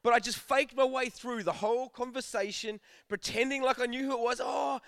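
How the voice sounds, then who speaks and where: High-voiced, chatty man preaching. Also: fairly even intonation, fairly quick, a bit bright, clean tone, dry recording, clean studio sound. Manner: chatty, jokey, acts out dialogue. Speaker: youth preacher. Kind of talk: casual storytelling sermon.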